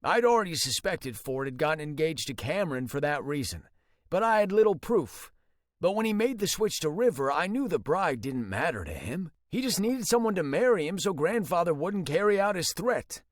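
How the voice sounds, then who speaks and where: A man's voice: fairly high pitch, sing-song, moderate pace, no echo, studio quality, pitched above the performer's own voice. A man voicing a smug adult brother who defends himself self-righteously. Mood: defensive.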